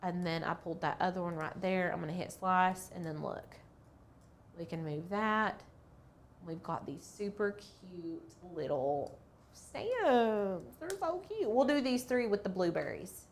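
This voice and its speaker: A woman's voice: on the low side, moderate pace, a little hiss or hum. A woman hosting a casual craft tutorial, chatty and playful, thinking aloud as she works through each step. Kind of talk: casual screen-share tutorial.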